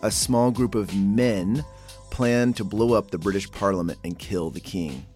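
A man from Oklahoma with a slightly low voice talks through the history of a word in a loose, chatty way. He wanders off on tangents and restarts his sentences as he goes. Soft music plays underneath him. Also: a little slow. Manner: chatty, digressive, often restarts and corrects himself. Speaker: podcast host. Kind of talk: casual word-history explainer.

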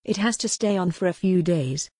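A woman reading as a courteous man in a gothic audiobook. He speaks gently and steadily, soothing rather than commanding. The voice sits low and dry. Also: expressive, no echo. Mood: gentle. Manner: gentle, measured, reassuring. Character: calm, courteous Englishman, Stuart.

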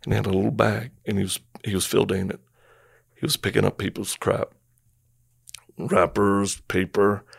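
A man's voice: lowish voice, normal speed, vocal fry, pauses often, slightly rough, dry recording, studio quality. A middle-aged man and former Marine telling stories in casual conversation, acting out quotes and sound effects as he goes. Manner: animated storyteller, acts out quotes and sound effects.

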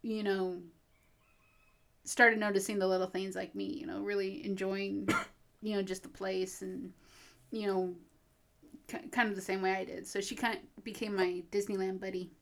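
A woman co-hosting a podcast in casual, easygoing conversation. She rambles along with lots of fillers and restarts, in a mid-pitched voice. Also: little pitch movement, normal speed. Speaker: podcast co-host. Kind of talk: casual chat.

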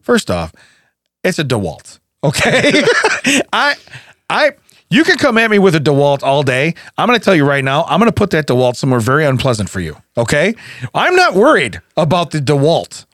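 A man's voice: on the high side, normal speed, dry recording. A man co-hosting a casual comedy podcast, laughing often as he tells stories, recorded on a studio mic. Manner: laughs often, animated storytelling. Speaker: podcast co-host.

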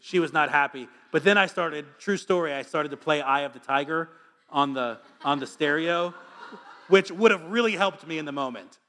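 A man preaching a sermon as pastor, energetic and joking, reading scripture aloud between stories. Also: on the high side, moderate pace.

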